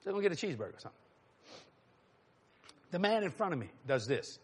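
A middle-aged man preaches through a story. His husky voice sits a little high and swings freely in pitch as he slips into the voices of other people. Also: fast. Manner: animated, acts out voices, chuckles. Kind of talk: storytelling sermon.

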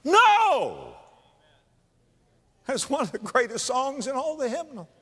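A man preaching a sermon, dramatic, swinging from hushed tones to loud exclamations in a church. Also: very high voice, expressive, a little fast, breathy edge. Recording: long reverb of a large hall.

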